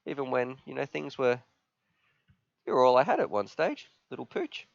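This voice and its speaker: A man hosting a live stream, chatting casually and reading chat messages aloud, sometimes halting with emotion. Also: medium pitch, very animated, gravelly, dry recording. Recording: slightly dull, dry sound.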